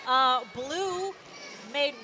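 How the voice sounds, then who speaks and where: A high-voiced woman adds color commentary at a roller derby bout. She trades dry, wry quips with her partner. A big crowd roars clearly behind her. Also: drawn-out words, background noise. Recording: crowd-filled arena.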